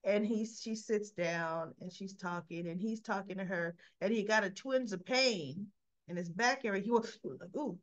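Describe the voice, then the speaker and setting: A woman's voice: medium pitch, moderate pace. A woman casually recapping a soap opera episode, chatty, briefly acting out the characters' quoted lines in her telling. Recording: slightly dull lo-fi recording.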